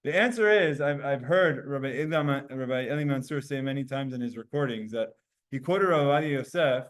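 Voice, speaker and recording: A man teaching a Talmud class to students, animated and explaining with spoken demonstrations of sounds. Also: medium pitch, fairly quick. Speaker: Torah teacher.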